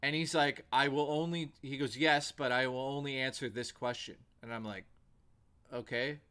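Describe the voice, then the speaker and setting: A man's voice: medium pitch, fairly even intonation, normal speed, bright, forceful tone, clean tone. A male livestream host telling rambling, profane anecdotes in a casual way, with lots of "like" fillers.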